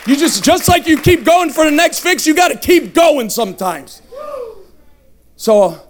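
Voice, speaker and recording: Evangelist, male, 30s, high pitch, punchy comic testimony with shouted peaks. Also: expressive, unhurried, some chatter behind, slight background noise. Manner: emphatic, humorous, shouting at peaks. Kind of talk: testimony sermon. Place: revival tent.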